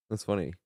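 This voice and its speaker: A man's voice: dark tone, slight background noise. Chatty man streaming a game, laughing often. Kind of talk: casual live-stream commentary.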